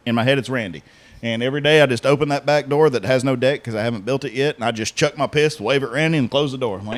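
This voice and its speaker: A young man telling profane stories in a deadpan way as a podcast co-host. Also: medium pitch, fast. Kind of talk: casual chat.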